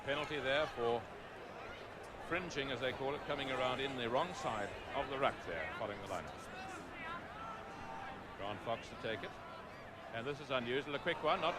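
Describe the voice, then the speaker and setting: A middle-aged man giving live rugby play-by-play commentary, calm for background facts and rising to excited calls at big moments. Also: mid-range voice, normal speed, long pauses, heavy background noise.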